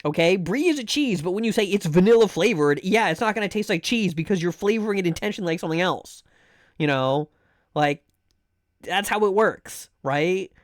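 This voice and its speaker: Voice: mid-range voice, lively intonation, a little fast, no echo, clean studio sound. A young adult streamer chatting casually on a live stream, ranting animatedly and swearing between game guesses.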